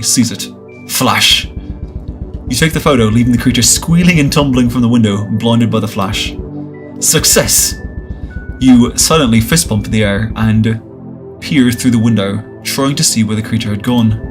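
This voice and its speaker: A man playing a visual novel, reading its text aloud with jokey, casual asides. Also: on the low side. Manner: casual, jokey asides between read lines. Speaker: game streamer.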